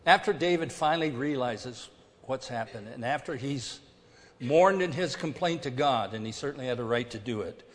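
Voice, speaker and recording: A man preaching a sermon as pastor, emphatic and deliberate, his delivery swinging between hushed and loud. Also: mid-range voice, lively intonation. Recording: long hall reverb.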